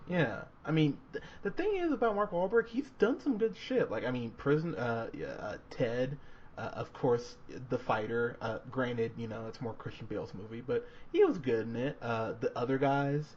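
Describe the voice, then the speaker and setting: A man's voice: medium pitch, big pitch swings, moderate pace. A man co-hosting a movie review podcast, chatting casually and animatedly, swearing and laughing often with lots of fillers. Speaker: podcast co-host. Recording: dull lo-fi podcast audio with faint noise.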